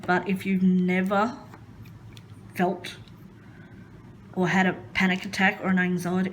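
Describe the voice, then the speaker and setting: A woman's voice: fairly low pitch, completely flat delivery, measured pace, long pauses, slight background noise, rough recording. A woman chatting casually while crafting at home, rambling and hesitant with many ums. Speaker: crafting vlogger.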